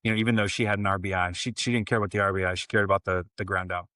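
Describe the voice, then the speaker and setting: Low-voiced man telling stories in an interview. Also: steady tone, rapid-fire, sharp tone, no echo. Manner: storytelling, many restarts, acts out quotes. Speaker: podcast guest, life coach. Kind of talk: casual interview conversation.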